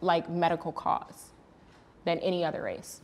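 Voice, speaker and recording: Woman host telling her story straight, kinda low voice, acts out the other people. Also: flat delivery, moderate pace, darkish tone. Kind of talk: candid panel talk.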